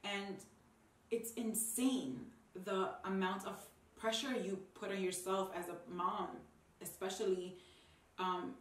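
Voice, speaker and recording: A woman's voice: medium pitch, steady tone, slow pace. A young woman and new mother talking to camera in a heartfelt, rambling way with many ums and restarts. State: tearful at times. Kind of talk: personal talk to camera. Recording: roomy sound, mic a bit distant.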